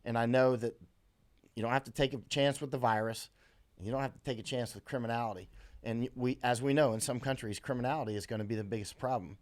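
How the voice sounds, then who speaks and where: A man's voice: mid-range voice, fast. An American man hosting a live stream, chatting casually and rambling with many fillers and restarts as he reads viewer comments aloud. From USA.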